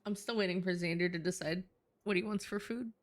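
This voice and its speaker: A woman's voice: on the low side, a little fast. A woman streamer chatting casually while she draws, playful and a little scattered.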